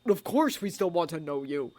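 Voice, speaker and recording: A woman's voice: sits low, animated, moderate pace, dark tone. A woman voicing an earnest teenage schoolboy wizard who speaks a bit sheepishly.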